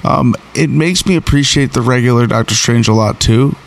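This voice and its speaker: A man hosting a show, recapping and reviewing an episode in a rambling, excitable way with many fillers and restarts. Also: mid-range voice, moderate pace, vocal fry.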